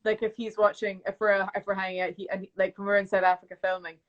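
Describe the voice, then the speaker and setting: A young woman, chatting casually as a guest on a live video call and telling animated stories with bits of impressions. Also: medium pitch, fast, highs cut off. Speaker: actress guest. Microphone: phone on a video call.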